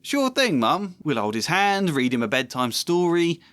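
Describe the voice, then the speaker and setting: Man putting on mocking teen twins, pitched way up, sing-song. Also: very animated, moderate pace, a bit bright, no echo. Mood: teasing. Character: teasing teenage boy twins, cheeky.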